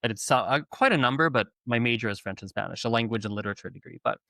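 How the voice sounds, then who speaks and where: A man from Canada, a podcast guest telling stories in a lively, self-correcting way. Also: medium pitch, very fast, creaky, no room sound. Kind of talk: conversational storytelling.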